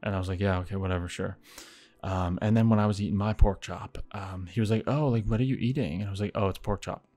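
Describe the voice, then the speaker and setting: A man casually telling a story, swearing freely and acting out the people in it with sudden loud bursts. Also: deep voice, quick pace. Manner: animated, acts out quotes, heavy swearing.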